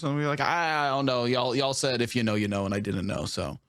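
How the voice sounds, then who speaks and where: A man's voice: medium pitch, fast talker, hardly any pauses, a bit bright, no echo. A man on a podcast chatting casually, swearing freely and laughing often. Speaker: podcast guest. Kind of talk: casual chat.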